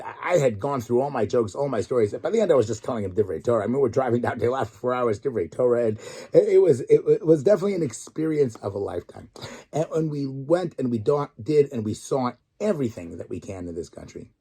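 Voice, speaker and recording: A man's voice: mid-range voice, slightly rough. A middle-aged man, a rabbi and tour guide living in Israel, giving a weekly Torah talk full of stories and acted-out quotes. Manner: animated storyteller, acts out quotes.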